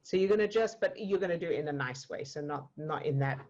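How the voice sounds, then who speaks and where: A woman guiding a client through an emotional coaching exercise, gentle and explaining step by step. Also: low-pitched, fast talker, dull audio. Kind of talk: live online coaching session. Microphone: video call.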